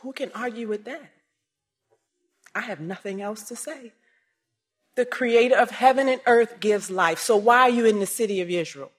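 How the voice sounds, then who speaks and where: A woman's voice: medium pitch, moderate pace. Woman telling an emotional personal story. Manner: emotional storytelling, swings from hushed to raised. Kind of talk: personal testimony talk.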